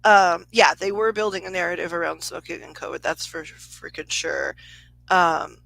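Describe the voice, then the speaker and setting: Chatty, bright-voiced woman psychic. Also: lowish voice, normal speed, vocal fry, no room sound, low-quality recording. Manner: chatty, laughs often, swears freely. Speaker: psychic medium giving a live reading. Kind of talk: casual livestream storytelling.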